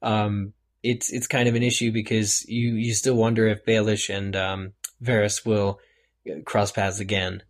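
Low-voiced man in animated chat. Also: measured pace. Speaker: podcast co-host. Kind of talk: casual chat.

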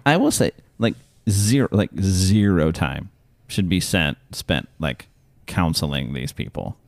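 Teasing low-voiced man on a podcast. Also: unhurried, no room sound. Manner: teasing, playful, animated. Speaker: podcast host. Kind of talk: casual chat.

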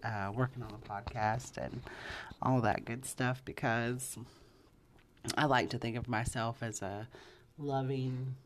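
A woman's voice: rumbling low, fairly even intonation, a little slow, a little hiss or hum. A woman co-hosting a podcast in casual chat, chatty and laughing often, trailing off with fillers. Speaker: podcast co-host.

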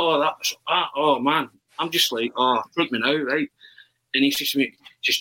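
Scottish guy spinning a yarn, bright husky voice, jumps into fake commentary bits. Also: a little high, a little fast, low-quality recording. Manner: animated storyteller, bursts into mock football commentary. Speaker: podcast guest. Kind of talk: casual storytelling.

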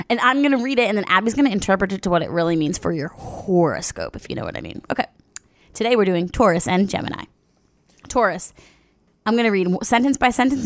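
A young woman co-hosting a crude comedy podcast, teasing her co-host, laughing often and reading horoscopes aloud. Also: medium pitch. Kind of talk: crude comedic casual chat.

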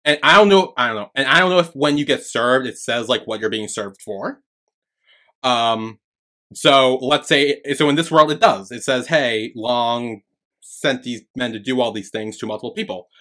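A man talks through a casual podcast over a remote call, his voice bright and a little sharp. He rambles as he builds a story, leaning hard on filler words and dropping swears without a second thought. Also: mid-range voice, normal speed. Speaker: podcast co-host. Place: remote call from separate homes.

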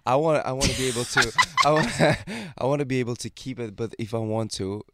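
A man's voice: medium pitch, fast, very noisy. A man from Russia with a strong Russian accent, a podcast guest joking playfully and confidently. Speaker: guest, professional dancer. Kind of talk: casual podcast chat.

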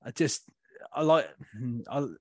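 A man's voice: fairly high pitch, lively intonation, slow, no room sound. A man hosting a casual podcast banter session over a video call, rambling and laughing often. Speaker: podcast host.

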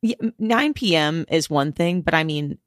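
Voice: medium pitch, animated, moderate pace, fairly bright tone, no echo. A podcast co-host with a mid-range voice reacts to a grim story, rambling through thoughts with "um" and "like". The sound is close and dry. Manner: rambling, filler-heavy reactions. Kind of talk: casual conversation reacting to a story.

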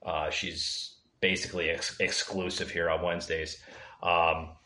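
A man hosting a casual podcast, halting, with lots of fillers and quick agreement. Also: deep voice, level tone, bright, forceful tone, roomy sound. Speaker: podcast host. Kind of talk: casual political chat.

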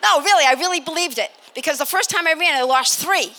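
An older woman from Massachusetts speaks as a panel guest at a live event, spinning a story with lots of laughter and acted-out quotes. Her voice sits high and sounds bright and forceful. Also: quick pace. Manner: animated, laughing, acts out quotes. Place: live expo stage.

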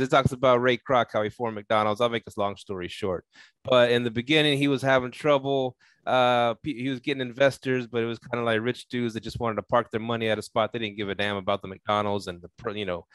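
Male podcast host with a mid-range voice, dry close sound, relaxed storytelling with many restarts. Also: mid-range voice, fast talker, dry recording. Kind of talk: casual podcast conversation.

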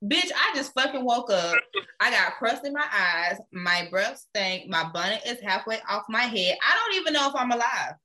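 A woman co-hosting a casual chat show, animated and blunt, swearing and laughing often. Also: on the high side, normal speed, slight background noise. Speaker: podcast co-host.

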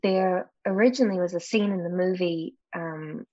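A woman's voice: lowish voice, moderate pace, mellow, dry recording, muffled recording. A woman from New Zealand with a New Zealand accent, a guest actress chatting candidly in an interview and laughing often. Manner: candid, laughs often, acts out quoted people. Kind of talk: casual interview chat.

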